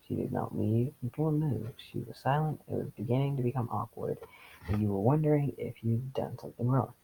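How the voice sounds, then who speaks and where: A man reading fan fiction aloud and breaking off for sarcastic, deadpan comments. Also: medium pitch, brisk, gravelly, slightly rough, poor audio. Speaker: reader.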